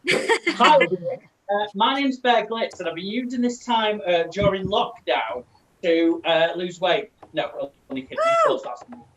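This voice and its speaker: Goofy northern English man, high lively voice. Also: unhurried, background noise. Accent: Warrington, northern English. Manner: goofy, playful. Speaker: stand-up comedian. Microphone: video call.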